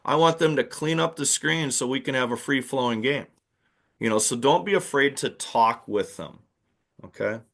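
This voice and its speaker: A man's voice: mid-range voice, normal speed, gravelly, fairly bright tone. Man coaching new referees, emphatic. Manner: emphatic, plain-spoken, demonstrates calls aloud. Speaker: basketball officiating instructor. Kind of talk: instructional talk to new officials.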